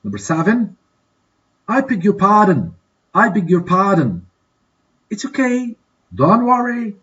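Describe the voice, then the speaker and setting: A man with a somewhat high, husky voice teaches an English class. He reads out each prompt, then says the answers over and over, checking in with his listeners. The recording sounds dull and low-fi. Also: very animated, fairly bright tone. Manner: repeats model answers slowly and checks with "okay?". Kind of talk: classroom exercise walkthrough.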